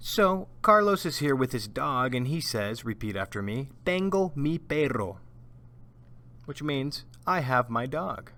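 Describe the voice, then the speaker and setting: A male language teacher delivers a scripted lesson at an unhurried pace. He drills each word twice so that learners can repeat after him. His voice sits in an ordinary middle pitch. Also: animated, bright, forceful tone. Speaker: Spanish teacher.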